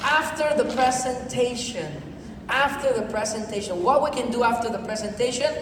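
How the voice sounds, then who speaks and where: A man with a high voice delivers an energetic seminar talk in halting non-native English. His words ring through a long reverberant hall, picked up from a distance with a steady background noise. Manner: energetic, repetitive, peppered with "you know". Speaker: speaker at a sales event. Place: event hall with audience. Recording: echoey hall from far off, noisy.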